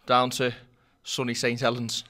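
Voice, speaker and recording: A man's voice: medium pitch, completely flat delivery, unhurried, sharp tone. A man co-hosting an interview, asking teasing, joking questions.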